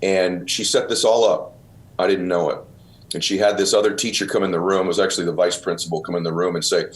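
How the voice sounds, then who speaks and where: Middle-aged male host, low voice, earnest and emotional storyteller. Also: steady tone, a little fast. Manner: earnest, calls listener brother and bro. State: choked up. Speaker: podcast host.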